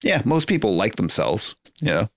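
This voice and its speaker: A man's voice: fairly low pitch, big pitch swings, normal speed, dry recording, clean studio sound. A man co-hosting a podcast, chatting casually and rambling with lots of filler words. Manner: rambling, heavy with "you know" fillers. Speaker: podcast co-host. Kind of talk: casual chat.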